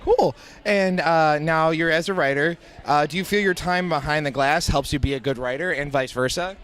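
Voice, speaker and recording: A man interviews a guest at a convention, with casual questions full of small hesitations. His voice sits a little higher than most men's. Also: a bit bright, clear, resonant tone. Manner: casual, slightly halting questions.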